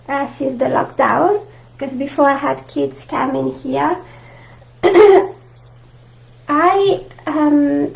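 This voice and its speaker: Brief: Italian-accented woman art teacher, high and a bit gravelly, chatty, lo-fi livestream audio. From Italy. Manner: chatty, warm asides to viewers, frequent laughs. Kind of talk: live online painting class. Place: home art room. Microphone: camera mic at close range.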